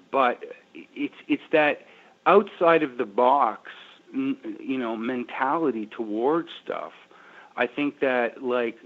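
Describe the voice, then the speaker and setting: A man from Canada, a guest musician, telling stories in a rambling, animated way during a casual interview. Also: mid-range voice. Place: his kitchen. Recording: tinny phone line.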